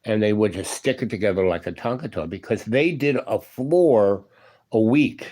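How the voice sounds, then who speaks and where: A man's voice: on the low side, animated, moderate pace, a little mellow. A man in his seventies, a former union electrician, telling a long story in a rambling, casual way and tossing in "you know" and "right?". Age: 70s.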